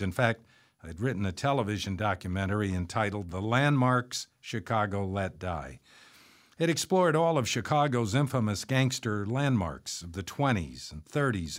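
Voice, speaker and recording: A man narrating his memoir in a measured, reflective storytelling manner. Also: on the low side.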